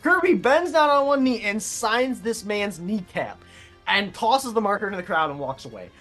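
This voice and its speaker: A young man on a casual sports podcast, telling an animated story and laughing as he goes. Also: normal speed, soft background music. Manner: animated, laughing, imitating people in a high voice. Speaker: podcast co-host.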